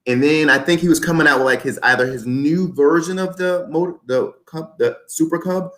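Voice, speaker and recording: His voice a little high and a bit bright, a man in his twenties speaks at normal speed as a podcast guest, stressing and restating his points like a motivational speaker.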